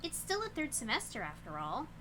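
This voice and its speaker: A woman voicing an excitable teenage schoolgirl while reading a visual novel aloud, bubbly and prone to flustered outbursts. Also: on the high side, fairly quick, background noise. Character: excitable cheerful teenage girl student.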